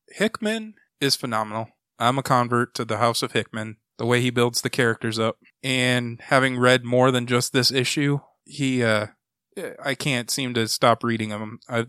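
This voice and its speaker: Male podcast co-host, bright and smooth, rambling casual recap, dry close sound. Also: mid-range voice, no echo. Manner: rambling plot summary with acted-out quotes. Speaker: comic book podcast co-host.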